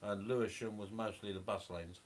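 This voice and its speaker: A man's voice: lowish voice, fairly even intonation, moderate pace. A man from England chatting casually, answering briefly and matter-of-factly. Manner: brief, matter-of-fact replies. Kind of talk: casual chat.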